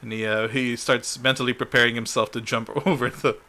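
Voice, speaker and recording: A man running a tabletop game as dungeon master, halting and full of "uh"s as he checks the rules. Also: mid-range voice, little pitch movement, sharp tone. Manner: halting, fills pauses with "uh", laughs along.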